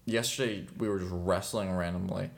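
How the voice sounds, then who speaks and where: A man's voice: sits low, steady tone, normal speed, vocal fry. A young man chatting casually as a podcast co-host, rambling with lots of fillers and frequent laughs. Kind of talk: casual chat.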